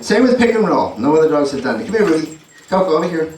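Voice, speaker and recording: A man's voice: on the high side, very animated, quick pace. A man with a New York accent performing a live dog trick show, chatting to the audience and cueing his dogs. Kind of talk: live stage show with commentary. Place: indoor venue with an audience. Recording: roomy live hall audio from far off with loud noise.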